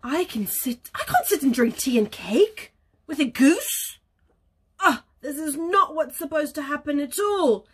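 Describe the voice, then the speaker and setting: A woman's voice: sits high, big pitch swings, measured pace. A woman voicing an enormous, grumpy male bear in a children's story, roaring and grumbling. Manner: shouted roars, grumbling.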